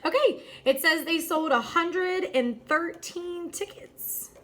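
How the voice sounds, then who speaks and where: A woman's voice: extremely high pitch, takes it slowly, a bit bright. A woman teacher working through math problems aloud, step by step, in an upbeat, encouraging way. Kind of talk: math lesson walkthrough.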